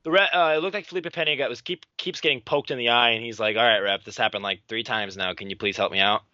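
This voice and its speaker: A man's voice: medium pitch, quick pace, no room sound, highs cut off. A man co-hosting a podcast, playfully commenting on grappling matches with a friend. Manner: lively, playful, teasing. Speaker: podcast co-host. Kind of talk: casual live commentary chat.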